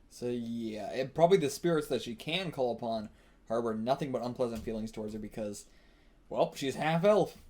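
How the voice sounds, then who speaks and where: A man of middle pitch reacting live to a manga as he reads. He thinks out loud in a loose, casual way, chuckles a lot and drops the odd curse. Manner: casual, thinks aloud, laughs often, swears. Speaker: manga reaction channel host. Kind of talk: live reaction while reading manga aloud.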